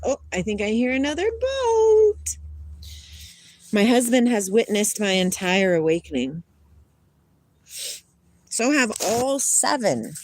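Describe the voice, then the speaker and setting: A woman's voice: fairly high pitch, big pitch swings, slow pace, long pauses, darkish tone. A middle-aged woman hosting a casual livestream, chatting, laughing often and reading spiritual passages aloud, outdoors near water. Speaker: livestream host.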